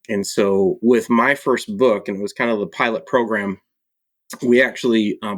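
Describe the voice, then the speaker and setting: A man from Michigan, an author and publisher, talking casually as a podcast guest, relaxed and hesitant with frequent ums. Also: fairly low pitch, no room sound. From Michigan, USA. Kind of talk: casual conversation.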